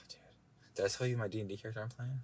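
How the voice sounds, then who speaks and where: A man's voice: fairly low pitch, steady tone, fast talker, darkish tone, breathy edge. A young man co-hosting a podcast in casual chat, joking, laughing and trailing off mid-sentence. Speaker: podcast co-host.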